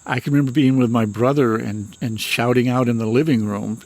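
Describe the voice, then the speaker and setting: A man in his sixties from Michigan speaks at an ordinary middle pitch. He tells his own experiences as a retired minister in a calm, unhurried, matter-of-fact manner, earnest throughout. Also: no room sound. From Michigan, USA. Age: 60s. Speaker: retired minister and paranormal author. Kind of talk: personal storytelling in an interview.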